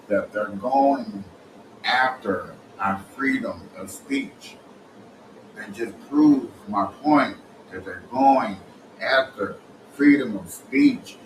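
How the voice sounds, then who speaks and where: Animated, colloquial man in a roomy space. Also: fairly low pitch, takes it slowly. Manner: animated, colloquial, repeats himself, laughs while talking. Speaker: commentator. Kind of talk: casual reaction commentary. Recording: roomy and distant with loud background noise.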